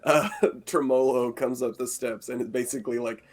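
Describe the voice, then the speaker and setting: A man's voice: medium pitch, steady tone, normal speed. A man playing a tabletop game, hesitant and amused as he describes his character's moves. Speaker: player.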